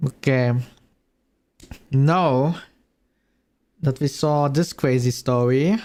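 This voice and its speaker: A man's voice: mid-range voice, vocal fry, darkish tone. A man streaming as a VTuber, reacting casually to a video, thinking aloud and laughing often.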